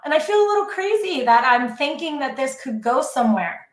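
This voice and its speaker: A high-voiced woman chats casually as a podcast guest, effusive and openly emotional. Her voice rings in an echoey room. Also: very animated, brisk. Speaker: guest educator.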